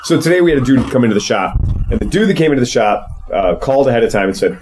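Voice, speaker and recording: A man's voice: medium pitch, expressive, very fast, darkish tone, a little hiss or hum, rough recording. A man co-hosting a casual podcast, telling stories in a sardonic, profane way. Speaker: podcast co-host and motorcycle shop owner.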